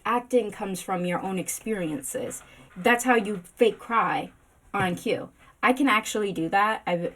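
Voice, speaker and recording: A woman giving a casual slideshow vlog about a book, giggly, rambling and self-deprecating. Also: medium pitch. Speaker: booktok vlogger.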